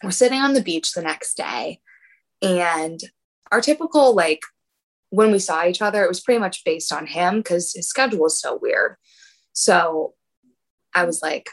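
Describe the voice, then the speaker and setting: A woman's voice: lowish voice, moderate pace, rough recording. A young woman telling a personal story in casual chat, laughing often and acting out what people said. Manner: animated, laughing, acts out quotes.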